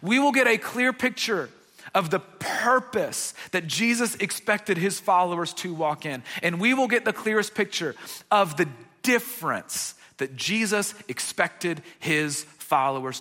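A man's voice: on the high side, expressive, takes it slowly, pushed and bright, long reverb tail. A man preaching a sermon as pastor, conversational and earnest, often checking in with his listeners. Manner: conversational preaching with frequent "okay?" check-ins.

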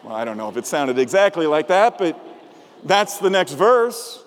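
High-voiced guy preaching, chatty and joking, asks the crowd stuff, long hall echo. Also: big pitch swings, moderate pace. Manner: conversational, humorous, asks the congregation questions. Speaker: pastor. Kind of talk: sermon. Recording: long reverb of a large hall.

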